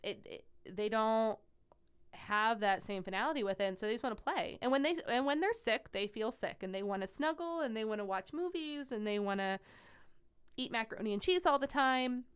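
A young woman working as a pediatric nurse, telling stories in an animated interview with many "like" fillers. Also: fairly high pitch, a little fast, clear, resonant tone. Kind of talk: conversational interview storytelling.

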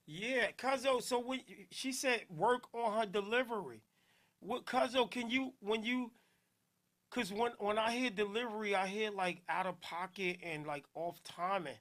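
A man from Newark with a New Jersey accent, hosting a casual podcast, loud and playful, laughing often and shouting out listeners. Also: high-pitched, measured pace. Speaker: podcast host.

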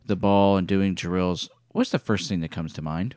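A man's voice: low-pitched, normal speed, darkish tone, no room sound, studio quality. A man co-hosting a podcast, bantering casually and teasing his partner in a playful way. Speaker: podcast co-host. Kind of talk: casual chat.

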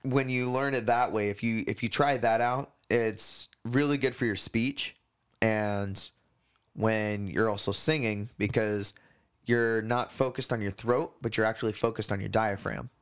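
A man's voice: on the low side, steady tone, a little slow, clear, resonant tone. A man co-hosting a casual podcast, rambling through explanations with lots of fillers and the odd swear word. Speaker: podcast co-host. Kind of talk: casual chat.

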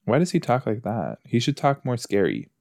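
A man's voice: mid-range voice, wildly swooping pitch, normal speed, creaky, darkish tone, no room sound, clean studio sound. A man hosting a podcast, chatting and joking as he reacts to a TV episode while he watches it. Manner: chatty, joking, talks back to the screen. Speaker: podcast host. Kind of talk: episode watch-along commentary.

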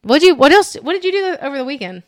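A woman's voice: sits high, big pitch swings, quick pace, no room sound, studio quality. A woman, co-hosting a podcast and telling a rambling, chatty story full of "like" and acted-out quotes. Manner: rambling, chatty, heavy use of "like", acts out quotes. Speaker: podcast co-host. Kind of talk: casual chat, storytelling.

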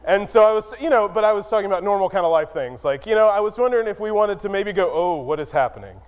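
A man preaching a sermon, telling a personal story in a relaxed, self-deprecating way with lots of fillers. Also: sits high, quick pace, smooth, long reverb tail. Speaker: pastor.

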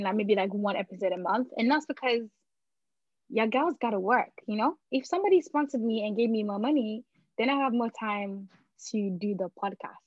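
A woman's voice: fairly high pitch, no room sound. A young adult woman hosting a podcast in casual, chatty talk, laughing often and restarting her sentences. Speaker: podcast host. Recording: dull, dry lo-fi recording.

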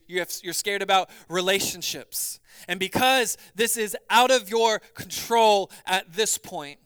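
A man preaching a sermon as pastor, swinging between loud urgency and quiet, hushed passages. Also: sits high, clean tone, dry recording.

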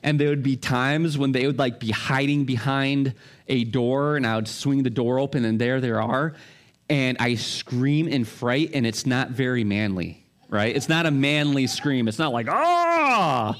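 A man's voice: mid-range voice, normal speed. A middle-aged male pastor giving a sermon in a conversational way, full of rhetorical questions and family stories.

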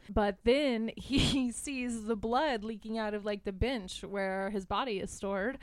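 Lively young woman recapping a movie. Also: on the high side, a little slow, hardly any pauses, no echo, clean studio sound. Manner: animated, laughing, swearing, lots of "like". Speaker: podcast host.

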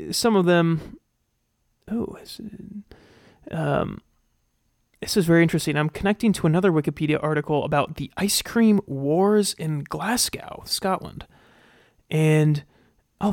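A man's voice: on the high side, no room sound, studio quality. A man hosting a casual solo podcast, thinking aloud with many fillers and restarts and reading research aloud. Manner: reads research aloud and comments on it. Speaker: podcast host.

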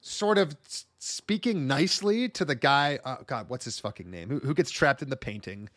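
A man co-hosting a casual movie discussion podcast, talking in an animated way and swearing freely. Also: mid-range voice, normal speed, no room sound, clean studio sound. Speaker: podcast co-host.

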